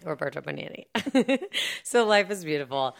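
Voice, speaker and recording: A woman's voice: low-pitched, very animated, normal speed, vocal fry. A woman casually recapping a film plot in a chatty, sarcastic way, full of fillers and asides. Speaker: podcast co-host recapping a film. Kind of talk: casual chat.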